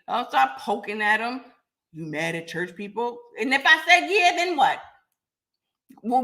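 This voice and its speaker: A raspy-voiced woman hosts a live podcast while getting over a cold. She talks bluntly and confrontationally, calling out commenters by name. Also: sits high, fairly bright tone. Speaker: podcast host. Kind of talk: live-stream talk to commenters.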